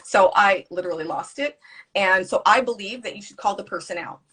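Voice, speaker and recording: Husky, outspoken woman telling a story. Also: mid-range voice, brisk. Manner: animated storyteller who swears freely. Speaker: guest. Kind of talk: casual conversation.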